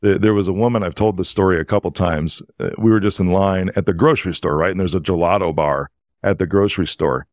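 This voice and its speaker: A man who is a podcast guest, telling stories in an earnest, emotional and animated way. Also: sits low, quick pace, no echo, clean studio sound. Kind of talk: casual storytelling.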